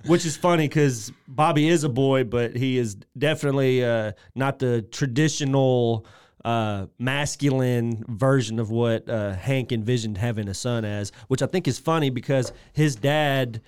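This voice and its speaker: A man in casual podcast chat, talking through an episode in a mid-pitched voice. He recorded in a dry space with no room echo. He breaks into lively quoted lines now and then. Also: normal speed, smooth. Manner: animated, acts out quoted lines with a raised voice. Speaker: podcast co-host.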